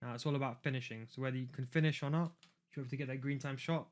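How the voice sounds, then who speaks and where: A man's voice: mid-range voice, steady tone, racing. A man giving a casual, rambling gameplay tutorial while he plays. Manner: rambling, chatty, talks while playing. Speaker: video game coach.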